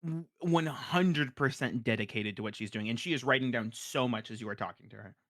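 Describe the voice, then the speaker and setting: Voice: medium pitch, fairly quick, a bit bright. A game master narrating a tabletop game in a rambling way, with many fillers.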